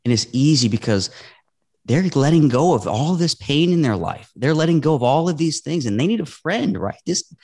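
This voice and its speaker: A man's voice: a little high, normal speed, husky. A man talking casually on a podcast as a real estate investor guest, telling stories earnestly and acting out the quotes. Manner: earnest, animated storytelling with acted-out quotes.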